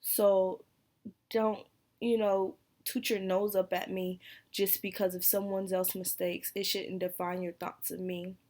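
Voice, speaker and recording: A young adult woman speaks straight to her viewers in a personal vlog, candid and hesitant, stopping now and then to sigh. Her pitch stays level and even, with little rise or fall. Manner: emotional, candid, sighs and hesitates. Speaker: vlogger. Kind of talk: personal vlog talking to camera.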